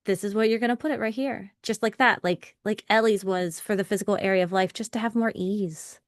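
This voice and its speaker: A woman's voice: medium pitch, fairly even intonation, a little fast, dry recording. A woman leads a live workshop in a friendly, encouraging way and laughs easily as she answers participants. Her voice sits in a mid range and is recorded dry and close, with no room sound. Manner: encouraging, conversational, laughs often. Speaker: workshop facilitator. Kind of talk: live online workshop, reading and answering chat.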